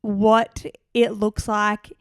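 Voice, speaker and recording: A woman's voice: medium pitch, level tone, very slow, smooth, dry recording, clean studio sound. A young woman with a Queensland Australian accent, co-hosting a podcast and telling stories in casual chat, full of "like". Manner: chatty storyteller, heavy use of "like". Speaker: podcast co-host.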